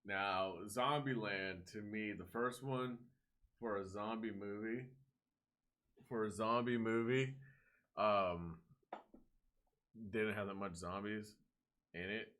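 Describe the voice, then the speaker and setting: A man's voice: fairly low pitch, slow pace, pauses often. A young man co-hosting a podcast, telling a movie story in casual chat, swearing freely and acting out the characters' lines. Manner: animated storyteller, swears a lot, acts out voices. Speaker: podcast co-host.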